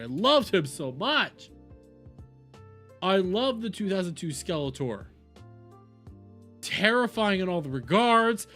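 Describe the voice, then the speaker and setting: A man's voice: high-pitched, a bit bright. A young adult man giving profane, rambling reaction commentary as a video host.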